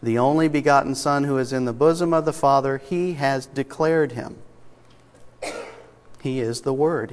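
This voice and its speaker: A man preaching an expository sermon, reading scripture aloud and stressing single words with emphasis. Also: mid-range voice. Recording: long reverb of a large hall.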